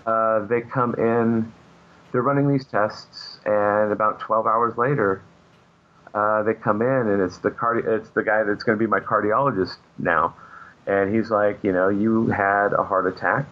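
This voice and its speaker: A man with a fairly low voice tells long, meandering anecdotes as a guest in a casual interview. He leans on fillers and restarts as he goes. The recording is dull and muffled. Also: fairly even intonation, a little slow. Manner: rambling anecdotes with many fillers. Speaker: comic book artist guest. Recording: muffled lo-fi audio.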